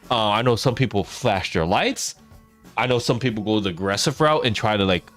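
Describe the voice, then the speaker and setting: A man telling a funny story to his stream while gaming, laughing often as he talks. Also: lowish voice.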